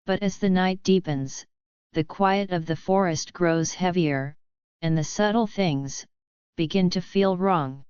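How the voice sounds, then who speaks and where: Very slow, soft-spoken woman narrator. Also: lowish voice, clean tone, dry recording, lo-fi sound. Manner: slow, soft, hushed and atmospheric. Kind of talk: calm bedtime horror narration.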